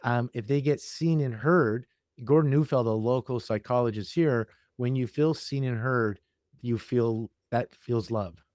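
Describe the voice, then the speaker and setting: A man's voice: medium pitch, unhurried, a little mellow, dry recording, clean studio sound. Reflective man hosting a podcast. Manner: reflective, builds on the guest's ideas. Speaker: podcast host. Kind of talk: interview conversation.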